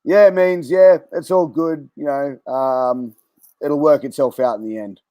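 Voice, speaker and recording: A man's voice: fairly high pitch, fairly even intonation, measured pace, no room sound, muffled recording. An Australian man hosting a casual podcast interview, friendly and quizzing his guest on slang. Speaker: podcast host.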